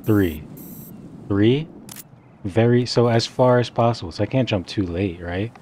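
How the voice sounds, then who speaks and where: A young man casually commentating his video game playthrough, swearing freely, laughing often and bursting into excited outbursts. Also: fairly low pitch, measured pace, slight background noise. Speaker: gaming streamer. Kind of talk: casual let's play commentary.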